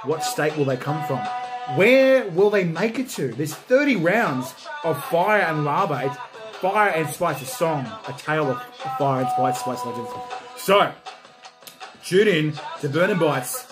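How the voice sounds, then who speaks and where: An Australian man reviewing hot sauces in a loud, jokey, whooping livestream style. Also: on the high side, animated, a little slow, over music.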